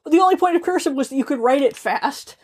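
A woman's voice: sits high, animated, fast talker, darkish tone. A woman co-hosting a podcast, chatting casually in a rambling, self-deprecating way with frequent swearing. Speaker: podcast co-host, author. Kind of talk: casual chat.

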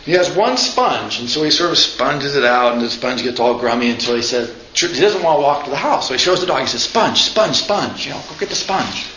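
A man's voice: medium pitch, expressive, fairly quick, hardly any pauses, pushed and bright. A man giving an informal lecture, chatty, often asking "right?" and acting out quotes. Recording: echoey room, slightly dull sound, faint noise.

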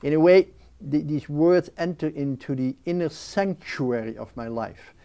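In an interview, a man reflects earnestly on prayer, often restarting his sentences and briefly, vividly mimicking his own racing, restless thoughts. His voice is fairly high, creaky, clear and resonant, and he speaks at a measured pace.

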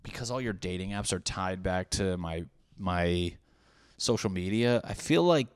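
A young man with a lowish voice rambles through his stand-up life, swearing freely and poking fun at himself. He keeps veering into asides and half-finished thoughts. The sound is dry and close, with no room around it. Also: lively intonation, measured pace, clean tone, no room sound. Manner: profane, self-deprecating, trailing off into asides. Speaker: stand-up comedian. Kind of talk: casual rambling monologue.

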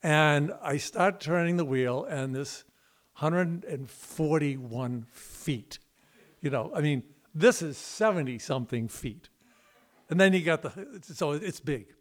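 Male storyteller on a live stage, slightly high voice, lively, mouths sound effects. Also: slow pace. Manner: animated, imitates sounds with his mouth. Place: live storytelling event in a hall.

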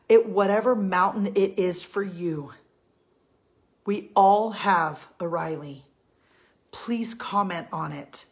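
A woman giving a heartfelt faith talk to her women followers, earnest and pleading, repeating her key lines for emphasis. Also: medium pitch. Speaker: Christian women's encourager.

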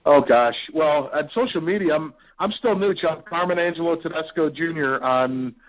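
A man from Ohio, a radio personality, telling stories as a podcast guest in an animated, excitable way. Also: a little high, normal speed. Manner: animated, excitable storyteller with frequent fillers. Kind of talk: casual storytelling interview. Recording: dull lo-fi podcast audio.

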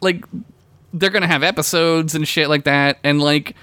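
A man's voice: fairly high pitch, moderate pace, no room sound. A young man co-hosting a podcast, telling a story in casual, profane chat and laughing often. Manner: animated storytelling, swears often, laughs a lot. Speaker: podcast co-host.

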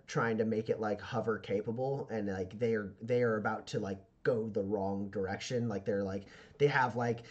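A man's voice: medium pitch, lo-fi sound. A man narrating as game master, rambling with many fillers and restarts.

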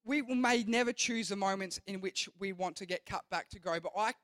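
Earnest, high-voiced youth pastor. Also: male voice, a little fast, a bit bright. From Australia. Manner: rambling and earnest, with many restarts. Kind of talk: youth sermon.

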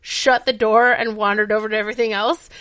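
A woman's voice: mid-range voice, brisk. A woman co-hosting a casual podcast chat, swearing freely and talking with heavy use of "like". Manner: animated, swears often, lots of "like". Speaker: podcast co-host.

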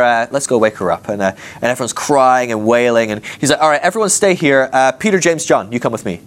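A man preaching a casual, chatty sermon and acting out the disciples in quick asides. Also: mid-range voice.

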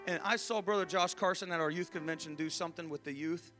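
A man in his thirties, an evangelist telling a story in a sermon. He swings from hushed asides to shouted re-enactments. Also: fairly high pitch, quick pace, faint music behind. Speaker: evangelist preacher.

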